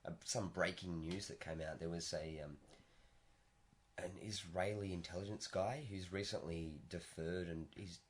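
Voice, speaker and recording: A man with a low voice co-hosts a casual podcast. He tells stories with energy and jumps into louder, higher voices when he acts out both sides of an argument. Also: fairly even intonation, normal speed. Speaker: podcast co-host. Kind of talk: casual chat. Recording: stereo podcast mic.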